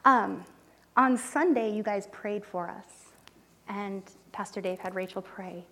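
A woman telling a mission story in a sermon, animated and emotional, dropping to near-whispers when moved. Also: medium pitch, slow. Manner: animated storytelling, voices quoted people, drops to soft near-whispers; emotional, close to tears. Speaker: church speaker reporting on mission trip. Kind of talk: sermon testimony.

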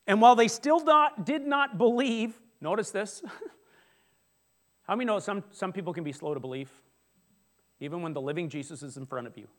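A man with a notably high voice delivers a sermon. He preaches in an animated, conversational way, often restarting phrases and turning to the congregation with asides. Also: moderate pace, long pauses. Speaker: pastor.

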